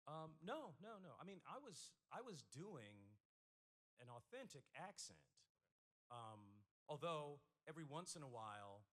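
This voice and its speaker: A man's voice: a little high, very animated, a little slow, fairly bright tone. A man speaking as a guest at a convention panel, telling stories unhurriedly and acting out quoted voices.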